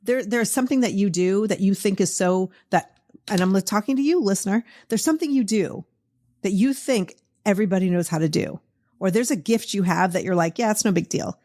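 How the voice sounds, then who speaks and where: A woman's voice: medium pitch, a little fast, dark tone. A middle-aged woman with a Boston accent hosting a podcast, chatting in a casual, encouraging way with lots of fillers. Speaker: podcast host. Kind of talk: casual interview chat.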